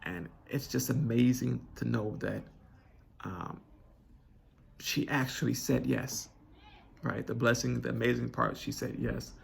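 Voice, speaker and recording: Earnest, gravelly-voiced young man, choked up. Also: mid-range voice, steady tone, unhurried, long pauses. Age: 20s. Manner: earnest, conversational, with many restarts and filler words. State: choked up with emotion. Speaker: vlogger telling his proposal story. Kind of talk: emotional personal storytelling.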